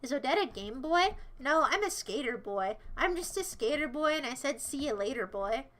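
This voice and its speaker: A woman's voice: high voice, lively intonation, moderate pace, a bit bright. A woman livestreaming in casual chat, answering viewers in a playful, sassy, rambling way.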